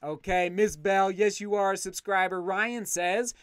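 Excitable man thanking livestream viewers. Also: sits high, a little slow, smooth, no room sound, studio quality. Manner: excitable, effusive thanks, frequent restarts. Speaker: channel host reading live chat. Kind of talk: casual livestream chat.

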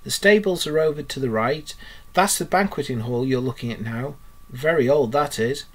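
Teacher doing a good-natured male river rat for a storybook: upbeat, hearty, lively. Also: mid-range voice, normal speed, close to an everyday voice. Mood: cheerful. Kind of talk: storybook reading.

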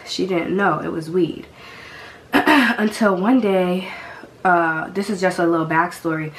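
A young woman in her twenties, sick with a cough, telling a slangy, animated storytime to her viewers. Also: lowish voice, a little hiss or hum. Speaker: vlogger. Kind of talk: casual storytime vlog.

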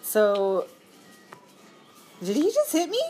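A woman chatting casually as she plays a mobile game, giggly and quick to apologize. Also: medium pitch, wildly swooping pitch, darkish tone, faint music behind. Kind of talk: casual gameplay commentary.

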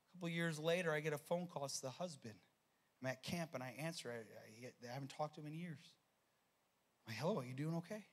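A man preaching a sermon as pastor, telling a story with animated energy and frequent repeated words. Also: fairly high pitch, fairly quick. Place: church sanctuary.

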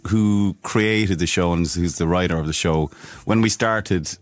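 Deep-voiced soft-spoken man. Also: measured pace, dry recording. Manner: soft-spoken, hesitant with many restarts. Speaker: guest actor. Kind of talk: casual radio interview.

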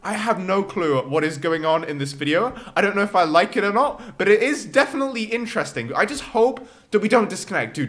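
A young man giving excitable gameplay commentary, exclaiming and laughing often. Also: high-pitched. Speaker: gaming YouTuber. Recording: faint background music.

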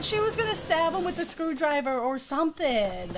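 High, lively woman streamer yelling at a game. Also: moderate pace, very noisy. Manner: shouts and yelps at the game, then chats with viewers. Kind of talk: live game commentary. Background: game music.

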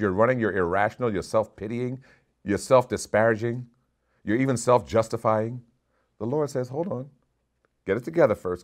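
A man's voice: mid-range voice, a little mellow. A man preaching a sermon as bishop, stressing his points by repeating short commands.

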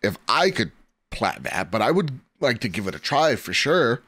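A man's voice: medium pitch, very animated, normal speed, fairly bright tone, dry recording. Rambling male podcast co-host. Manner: rambling, lots of "like" fillers. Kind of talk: casual chat.

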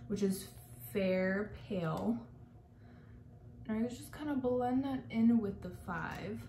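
Chatting through a makeup tutorial, this young beauty vlogger and makeup artist gushes freely and leans heavily on the word "like." Her voice is medium-pitched and mellow, and the echoey recording carries a slight hiss or hum.

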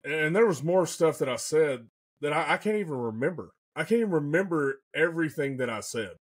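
Guy on a podcast, fired up, tells it big, kinda high voice. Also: a little fast, breathy edge. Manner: excitable, animated, peppers speech with "man" and "dude". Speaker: podcast guest, hunter. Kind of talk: casual storytelling.

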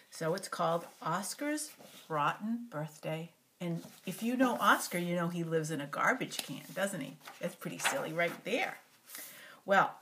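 An older woman reading a picture book aloud to a child, animated and stopping often to talk to the little one. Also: fairly low pitch, noisy background.

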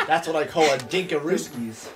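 A man's voice: fairly high pitch, normal speed, music in the background. A young man co-hosting a gaming video, bantering casually and putting on a joking mock Australian accent. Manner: puts on a joking mock Australian accent, talks over others. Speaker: gaming channel co-host.

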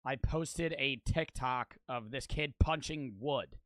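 A man in his twenties doing excitable, slangy live-stream gameplay commentary and yelling at the game. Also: mid-range voice, slow, dry recording. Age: 20s. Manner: excitable, yells at the game, loose slangy chatter.

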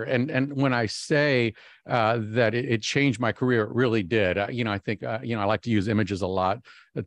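A man's voice: medium pitch, no echo. Self-mocking man telling a keynote story. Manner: animated, self-mocking, frequent ums and restarts. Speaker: keynote speaker.

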